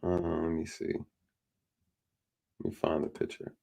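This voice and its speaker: A man's voice: very deep voice, monotone, a little slow, gravelly, warm tone. A man doing casual online commentary, ranting in an exasperated, irritated way to his viewers. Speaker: YouTube commentator.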